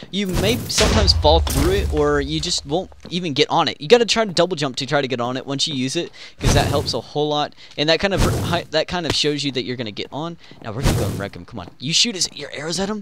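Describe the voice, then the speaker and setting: A man giving excitable gameplay commentary, yelping and trash-talking the other players. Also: on the high side, noisy background. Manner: excitable, yelps and trash-talks opponents. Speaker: gaming channel host.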